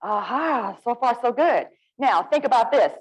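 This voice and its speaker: A woman with an Alabama Southern accent, leading a lively, interactive literacy workshop and coaxing the audience to join in. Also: a little high, unhurried, slightly rough, low-quality recording. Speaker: literacy presenter.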